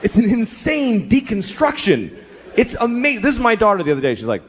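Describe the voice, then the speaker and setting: A middle-aged man performing stand-up comedy on stage, telling stories in an animated, incredulous way. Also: high-pitched, brisk. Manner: animated, incredulous storytelling with swearing. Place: comedy stage before a live audience. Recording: live stage recording with background noise.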